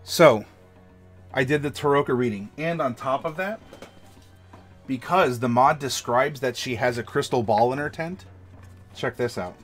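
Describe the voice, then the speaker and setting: A man's voice: mid-range voice, moderate pace, soft background music. An American man, a game master and streamer, giving tabletop storytelling advice in an enthusiastic, demonstrative way. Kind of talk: livestream advice chat.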